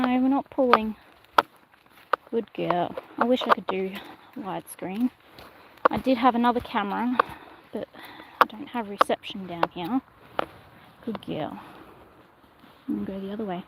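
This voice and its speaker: A woman livestreaming casually while she trains her miniature horse outdoors, speaking in a soft, coaxing way to the animal. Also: mid-range voice, unhurried, pauses often. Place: outdoors in a paddock. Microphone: phone camera held in one hand. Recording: noisy outdoor phone recording.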